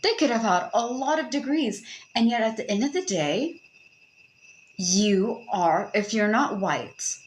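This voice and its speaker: A young woman hosting a podcast, giving casual advice in an animated, joking way with frequent swearing. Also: on the high side, unhurried, rough recording. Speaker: podcast host.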